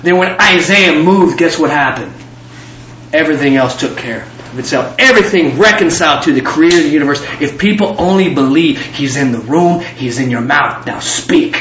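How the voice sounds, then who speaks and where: A man's voice: on the high side, lively intonation, normal speed, a bit bright, a little hiss or hum. A man preaching a fervent sermon as pastor, building up with repeated lines. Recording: echoey, dull room recording.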